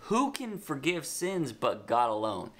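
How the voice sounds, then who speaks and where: A medium-pitched man conducts a children's Bible lesson, telling the story with lively emphasis and informal asides. His delivery slows down when it's time to dictate notes.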